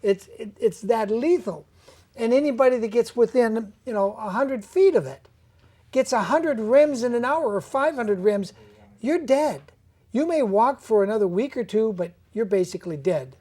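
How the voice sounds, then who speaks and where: A woman hosting an interview in casual chat, animated and talking through long what-if scenarios. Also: a little high, normal speed.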